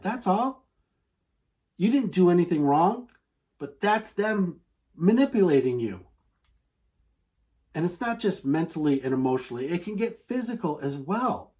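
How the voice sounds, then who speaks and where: Guy venting into the camera, kinda high voice, earnest and repeats himself a lot. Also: very animated, unhurried, pauses often, darkish tone. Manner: earnest, repetitive, acts out quoted voices. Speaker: advice vlogger.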